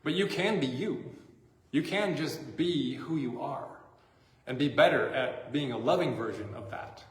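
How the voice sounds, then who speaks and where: A man's voice: mid-range voice, expressive, measured pace. A man preaching a sermon as a pastor, in a casual, joking, conversational way, recorded in a church sanctuary. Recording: echoey church hall.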